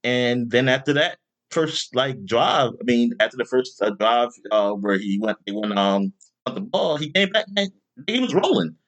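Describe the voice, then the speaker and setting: A man hosting a podcast in casual chat, rambling with lots of fillers and bursting into loud exasperation. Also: medium pitch, moderate pace. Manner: rambling, animated, with many fillers. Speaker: podcast host.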